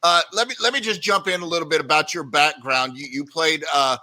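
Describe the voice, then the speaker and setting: Male host, bright tense voice, slightly high, encouraging, lots of yep and yeah. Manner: encouraging, quick affirmations. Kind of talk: interview hosting.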